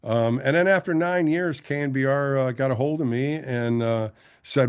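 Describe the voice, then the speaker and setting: Clear and resonant, this mid-range male voice runs at ordinary speed. He's a sixty-something ex-ballplayer turned broadcaster, guesting on a laid-back interview and spinning lively anecdotes where he imitates each person he quotes.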